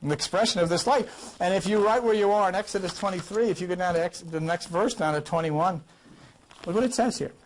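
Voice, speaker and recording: A man's voice: high voice, brisk. A man teaching an informal Bible study class, emphatic and full of rhetorical questions, coughing now and then.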